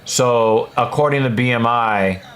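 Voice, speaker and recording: A man's voice: mid-range voice, a little slow, fairly bright tone. Male streamer answering chat, casual and blunt, mid-range voice, filler-heavy delivery. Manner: chatty, frequent fillers, blunt opinions. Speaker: livestream host reading chat. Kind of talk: casual livestream commentary.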